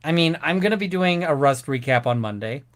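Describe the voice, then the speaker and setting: A man with a slightly high voice, co-hosting a casual live-stream chat. He rants and swears freely as he talks. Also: lively intonation, fairly quick. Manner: swearing, ranting. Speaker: co-host.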